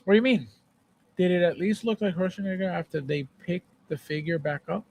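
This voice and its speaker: High-voiced animated male livestream host. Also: brisk, vocal fry, a little hiss or hum. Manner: animated, repeats phrases, playful shouting bits. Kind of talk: casual live chat reading viewer comments.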